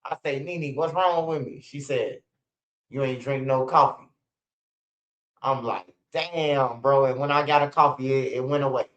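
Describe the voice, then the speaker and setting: Speaking at a measured pace in a medium-pitched, fairly bright voice, a man in his forties hosts a livestream and tells rambling, swear-filled stories. He keeps restarting and breaking into laughs. Expect roomy, dull, lo-fi stream sound.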